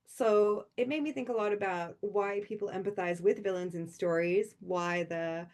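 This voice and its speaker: A woman's voice: medium pitch, fairly even intonation, normal speed, a little mellow. A woman author chatting informally before a reading at a convention, rambling and laughing often between thoughts. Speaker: author speaking at a convention livestream.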